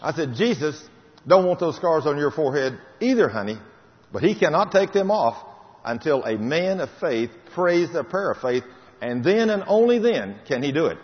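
A man's voice: on the high side, very animated, moderate pace. An older man giving a fervent testimony sermon, repeating key phrases with emphasis. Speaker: preacher. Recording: muffled hall recording.

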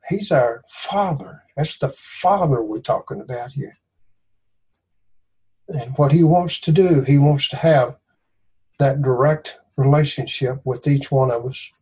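A man's voice: a little high, warm tone, husky. A man with a Southern US accent giving an informal devotional talk in a folksy, earnest, conversational way.

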